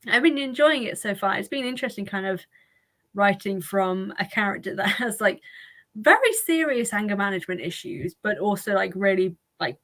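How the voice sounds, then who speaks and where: A woman's voice: mid-range voice, expressive, normal speed, a bit bright. A woman hosting a casual livestream chat, rambling and laughing often. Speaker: livestream host.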